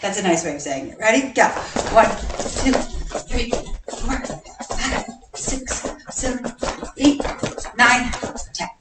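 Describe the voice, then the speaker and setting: Cheerful gymnastics coach, echoey gym. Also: female voice, on the high side, very animated, slow pace, pauses often, recorded from a distance, noisy background. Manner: cheerful, counts reps aloud, chuckles often. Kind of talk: live online workout class. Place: large gym. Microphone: camera a distance away.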